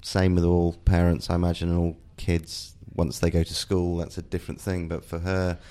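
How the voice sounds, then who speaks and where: Middle-aged man, very deep voice, reflective, halting restarts, candid interview guest. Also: monotone, mellow. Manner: reflective, searching for words with frequent restarts. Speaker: guest, father and TV writer.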